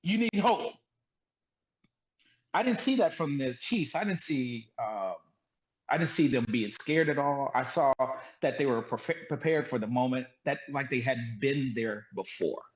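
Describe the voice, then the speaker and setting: A man co-hosting a sports talk show, debating football in an animated, emphatic way with lots of repetition. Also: mid-range voice, unhurried, lo-fi sound.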